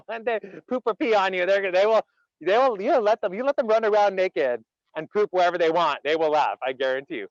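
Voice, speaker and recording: A man leading an interactive online laughter workshop, animated and chatty, quizzing his audience and filling his speech with "like". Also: high voice, moderate pace, no echo, dull audio. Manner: animated, chatty, asks audience questions, many "like" fillers.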